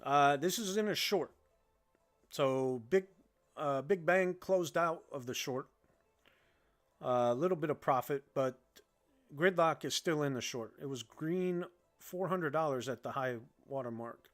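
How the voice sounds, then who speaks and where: A man's voice: a little high, unhurried. A man from Illinois hosting a trading livestream, giving loose, joking live commentary. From Illinois, United States.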